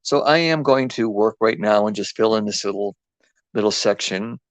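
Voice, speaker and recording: East Coast male craft host, lowish voice, rambling live chat, dry booth-like sound. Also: normal speed, no room sound. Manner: rambling, chatty, full of ums and restarts. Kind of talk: casual live craft demo.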